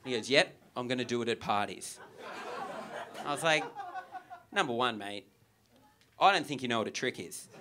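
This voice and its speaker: A young Australian man performing a stand-up set into a stage microphone in a theatre comedy club. He tells his stories in a loose, chatty way, peppered with "like" and "right?". Clear audience noise sits under his voice in the live recording. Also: a little high. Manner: chatty storytelling with frequent "like" and "right?" asides.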